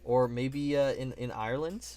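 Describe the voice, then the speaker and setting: A man's voice: medium pitch, moderate pace, mellow, smooth. A man live streaming while building models, chatting casually in a playful, joking and often profane way.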